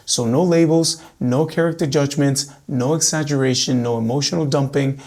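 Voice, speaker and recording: Man, relationship coach, gravelly voice, medium pitch, calm measured delivery. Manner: calm, measured, addressing women viewers directly. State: recently recovered from losing his voice. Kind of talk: direct-to-camera advice talk.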